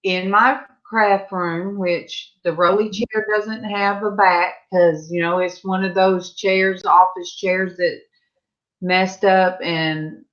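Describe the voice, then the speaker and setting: Woman panelist, slow-paced, meandering talker, muffled lo-fi audio. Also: lowish voice, fairly even intonation, fairly bright tone. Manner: rambling, meandering. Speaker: panel guest. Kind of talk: casual chat. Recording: dull lo-fi webcam audio.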